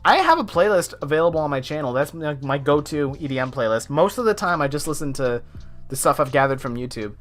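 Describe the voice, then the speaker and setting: A man's voice: a little high, very animated, fast. A young man chatting casually on his art live stream, rambling with lots of fillers. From United States. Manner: chatty, rambling, many fillers, laughs often. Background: faint lo-fi music.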